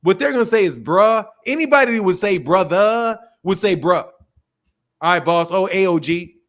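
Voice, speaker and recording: Stream host, male, high-pitched, crude and teasing, casual talk. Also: animated, normal speed, a bit bright. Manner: loose, profane, teasing banter. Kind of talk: casual chat with callers.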